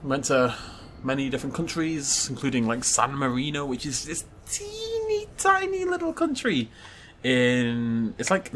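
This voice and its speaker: A man's voice: mid-range voice, a bit bright, slight background noise. A young man hosting a casual let's play, chatty and self-mocking, rambling into anecdotes as he plays. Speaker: gaming video host.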